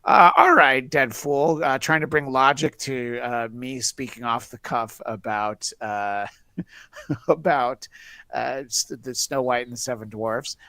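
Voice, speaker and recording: A man's voice: mid-range voice, slow pace, sharp tone, no echo. A man hosts a podcast in easy, rambling chat, slipping sarcastic jokes into his asides. His voice sits in an ordinary middle range. It is recorded close and dry, with no room sound. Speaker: podcast host. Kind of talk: casual chat.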